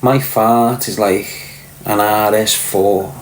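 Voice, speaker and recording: A middle-aged Liverpool man hosts a live stream, telling crude, boastful, profane stories and answering viewers by name as he chats casually to live chat. His fairly low voice is steady and slow, and the recording is very noisy with a roomy echo.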